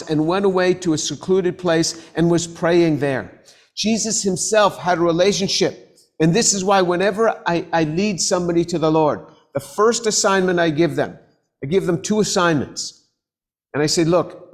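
A middle-aged man preaching and teaching scripture, earnest, repeating key phrases and reading verses slowly. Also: sits high. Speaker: preacher and professor. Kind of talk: sermon teaching.

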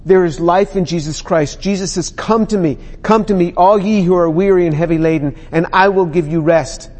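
A man's voice: high-pitched, normal speed, a little mellow, in a large hall. A man teaching from the Bible in an earnest sermon, repeating key phrases for emphasis.

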